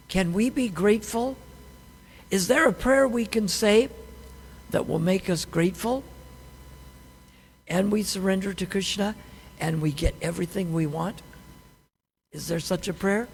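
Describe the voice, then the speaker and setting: Teaching a scripture class in a temple hall, a man speaks conversationally and asks many rhetorical questions. His high voice is husky with vocal fry, and a long hall reverb surrounds it.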